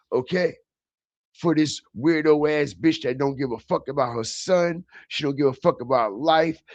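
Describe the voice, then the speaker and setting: On his streaming mic, this livestream host's fairly high male voice comes through clean, with no echo. His commentary is a profane, confrontational rant full of taunts and repetition.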